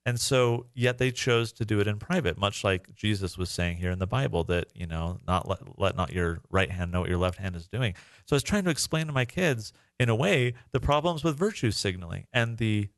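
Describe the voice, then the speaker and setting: This podcast co-host, a man and a parent, has a mid-range voice captured in studio quality with no echo. His storytelling is casual, earnest and emotional, packed with fillers.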